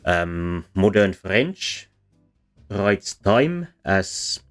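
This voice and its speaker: A man with a very low voice talks through a lesson in voice-over. He pauses often, with plenty of ums and uhs and restarted phrases. Faint music plays behind him. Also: sing-song. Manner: hesitant, many fillers and restarts. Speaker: language history explainer.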